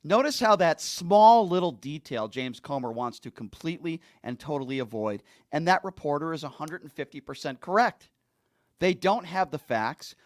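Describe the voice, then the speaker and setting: A man's voice: fairly high pitch, big pitch swings, normal speed. A male host delivering an angry political commentary rant, insulting and heavily emphatic.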